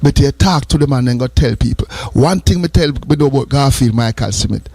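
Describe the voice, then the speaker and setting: A man's voice: mid-range voice, fairly quick, warm tone, husky, no echo. A Jamaican man hosting a morning radio show, giving earnest, repetitive advice and drifting between patois and English. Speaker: radio host.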